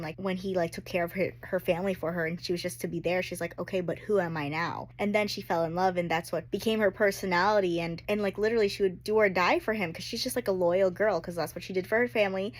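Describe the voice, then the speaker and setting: A woman chatting casually and emotionally in a reading-reaction vlog, with lots of "like" fillers. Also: mid-range voice. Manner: gushing, emotional, heavy use of "like". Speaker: book vlogger.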